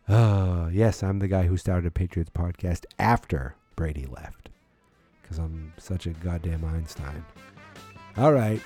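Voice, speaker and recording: A worn-out man talks into a podcast mic late at night, venting with dry sarcasm and the odd curse. His voice sits low and dark, and the sound is dry and close, with faint music behind him. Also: a little slow, dry recording. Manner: dejected, sarcastic, swearing. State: tired, yawning late at night. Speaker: podcast host. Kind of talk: solo sports podcast rant.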